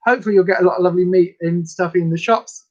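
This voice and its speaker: A woman's voice: lowish voice, fairly even intonation, rapid-fire, a little mellow. A woman hosting a casual livestream, chatting while doing her makeup and reading out viewer comments. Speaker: livestream host. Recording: slightly dull lo-fi livestream audio.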